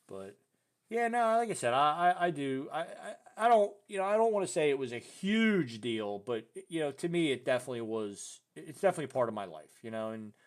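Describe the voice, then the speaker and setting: A young man hosting a podcast, telling a story in loose casual chat and jumping his voice up high when he quotes people. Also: fairly quick. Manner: animated, voice jumps high when quoting people; loose, filler-heavy talk with "dude" and "you know". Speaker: podcast host.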